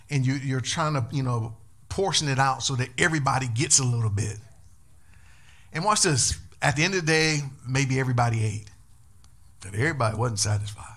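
A man pastor preaching a sermon in an animated way, calling on the congregation to respond. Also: mid-range voice.

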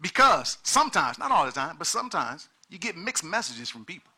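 Guy preaching a sermon, super bright ringing voice, keeps repeating himself and acting out people. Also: on the high side, brisk, husky. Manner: animated, repeats words, acts out quoted people.

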